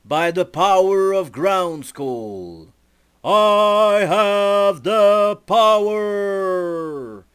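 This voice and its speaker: A man voicing a heroic young sword-wielder with bold, drawn-out declarations. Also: high-pitched, expressive, fairly bright tone, clean tone, pitched above the performer's own voice, full character voice.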